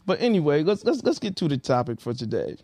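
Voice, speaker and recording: A man co-hosting a podcast in casual chat, animated and prone to repeating himself. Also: a little high, fast talker. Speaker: podcast co-host.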